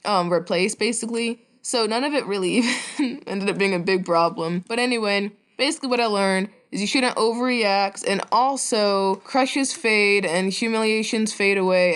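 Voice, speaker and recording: A young woman telling a personal story in a chatty, animated way, laughing now and then. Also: mid-range voice.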